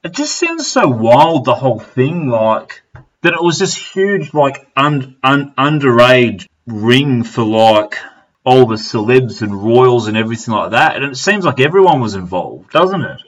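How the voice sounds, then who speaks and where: A man's voice: mid-range voice, animated, measured pace, highs cut off. An Australian man chatting casually, telling stories full of slang, swearing and laughter. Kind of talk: casual chat.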